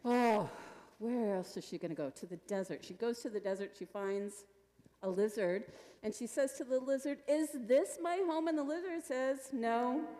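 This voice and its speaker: A woman telling a children's story to a congregation at a church service, animated and playful. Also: medium pitch, normal speed, slight background noise. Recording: long reverb of a church hall.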